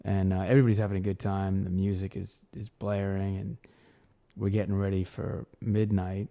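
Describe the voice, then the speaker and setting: A man in his forties hosting a podcast, telling a personal story and jumping to loud, animated exclamations when he quotes people. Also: sits low, normal speed, muffled recording. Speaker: podcast host.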